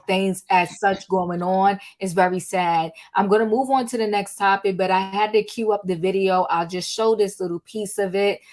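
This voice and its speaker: A woman's voice: medium pitch, a little mellow. An older woman hosting a live online chat room, talking casually and earnestly with plenty of fillers. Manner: chatty, earnest, lots of fillers. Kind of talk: casual live talk show. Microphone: online audio room.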